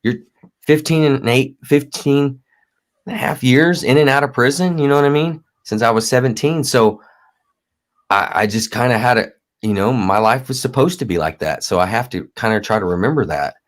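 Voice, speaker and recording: A man in his thirties in recovery, a guest talking candidly, halting and repeating words and swearing freely. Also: mid-range voice. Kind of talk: candid conversation.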